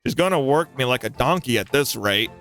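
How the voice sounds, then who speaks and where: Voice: mid-range voice, expressive, fairly quick, fairly bright tone, faint music behind. A let's-play host giving playful, jokey commentary over a story game.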